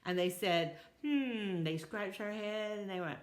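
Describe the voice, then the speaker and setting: An older woman telling a children's story, animated and sing-song, talking straight to the kids. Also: mid-range voice, normal speed.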